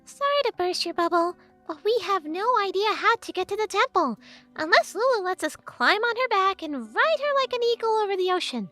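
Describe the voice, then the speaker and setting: A woman voicing a sharp-tongued, sarcastic female fairy in an audiobook. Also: extremely high pitch, big pitch swings, brisk, soft background music, full character voice. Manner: snarky, blunt. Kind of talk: audiobook character voice.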